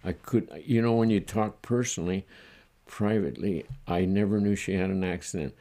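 Gravelly older man, slow halting recollection. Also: low voice. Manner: halting, reflective, chuckles softly. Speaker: interviewee recalling his childhood. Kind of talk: oral history interview.

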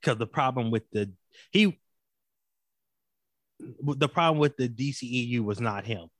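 A man in casual conversation as a podcast co-host, animated and opinionated, laughing often. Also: medium pitch, a little slow, no echo. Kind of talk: casual chat.

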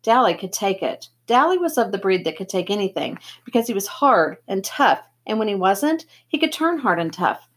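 A woman's voice: medium pitch, sing-song, normal speed, few pauses, breathy edge. A woman reading a novel aloud, steadily telling the story in first person. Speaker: reader.

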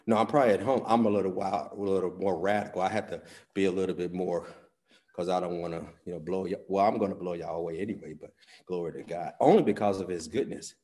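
A pastor preaching a sermon, folksy with "y'all", swinging between loud bursts and hushed asides. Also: male voice, low voice, fast. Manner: folksy talk with "y'all" and "ain't".

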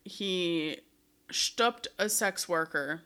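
A woman co-hosting a podcast, retelling a musical's plot in animated casual chat full of "like". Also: fairly low pitch, drawn-out words, clear, resonant tone. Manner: animated storyteller, lots of "like". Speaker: podcast co-host.

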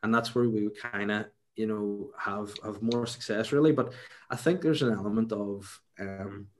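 A man's voice: lowish voice, moderate pace, darkish tone, slight background noise. A young man with a Northern Irish accent, a stand-up comedian chatting casually in an interview, rambling with many restarts. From Northern Ireland.

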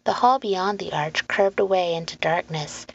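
Woman storyteller, low and gravelly, calm storybook reading. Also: moderate pace. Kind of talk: storybook narration. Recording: muffled lo-fi recording, faint hum.

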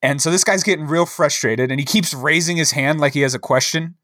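A man's voice: fairly high pitch, a little fast, a bit bright, dry recording, studio quality. A man co-hosting a podcast, telling a rambling story in casual chat with lots of fillers and a wry tone. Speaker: podcast co-host.

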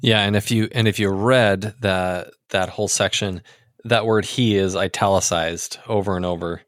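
A man's voice: low voice, steady tone, normal speed, no room sound, studio quality. Thoughtful man hosting a discussion. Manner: thoughtful, with frequent fillers. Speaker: podcast host. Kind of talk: casual religious discussion.

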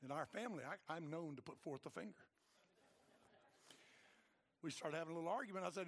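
A man preaching a sermon in a colloquial, emphatic way, moving between quiet asides and loud exhortation. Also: a little high, a little fast, long pauses.

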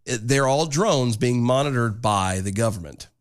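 A man co-hosting a casual comedic chat show, animated and jumping high in pitch for emphasis. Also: moderate pace, smooth. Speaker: podcast co-host.

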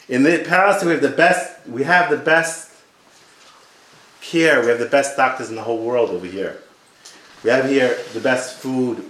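A tearful older king, as a preacher puts him on, scolds his son in a lowered, insistent, pleading voice. His pitch stays in a middle range. A roomy echo surrounds the voice. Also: fairly bright tone, close to an everyday voice.

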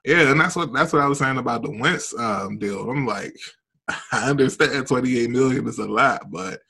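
A man's voice: mid-range voice, moderate pace, vocal fry, pushed and bright, slightly rough. A man co-hosting a casual sports talk show, laid-back and slangy, laughing easily as he talks.

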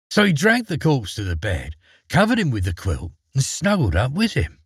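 A man with a husky voice narrating a fairy tale, with dramatic swings in pitch. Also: wildly swooping pitch, moderate pace, no echo, clean studio sound. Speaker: storyteller. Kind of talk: expressive storybook reading.

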